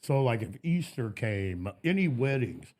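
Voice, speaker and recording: A man's voice: medium pitch, big pitch swings, measured pace, darkish tone. A man, a podcast guest, telling laid-back stories in casual chat and laughing often. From Texas.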